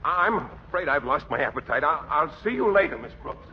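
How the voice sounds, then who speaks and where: An actor playing a shy, easily flustered teacher who stammers and hesitates, in 1940s radio acting. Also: male voice, fairly high pitch, big pitch swings, fairly quick. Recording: dull old radio broadcast with faint hiss.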